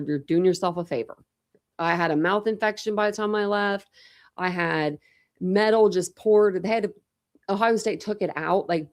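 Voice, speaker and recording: Casting note: young woman, low voice with a gravelly fry, rambling casual live-stream chatter. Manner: chatty, rambling, repeats words and restarts. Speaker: true crime channel host.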